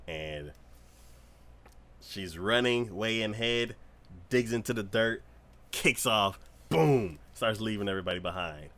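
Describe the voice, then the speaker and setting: A man chatting casually on an anime podcast, his voice swinging high and low as he relives a story. His tone is bright and forceful, and he acts out the scenes he describes with squeals and bursts of laughter. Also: expressive, takes it slowly, pauses often. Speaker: podcast co-host. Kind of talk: casual anime review chat. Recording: livestream podcast.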